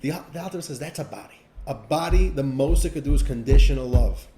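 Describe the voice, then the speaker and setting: A man teaching a class as a rabbi, speaking in an expressive, emphatic style. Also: mid-range voice, fairly quick, reverberant. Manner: expressive, emphatic, pacing changes often. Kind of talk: animated lesson with storytelling.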